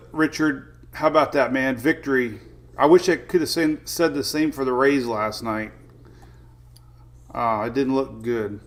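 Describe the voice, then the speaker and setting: Chatty man hosting a weather livestream. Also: fairly high pitch. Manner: chatty, reads viewer names aloud, laughs often. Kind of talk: casual livestream chat.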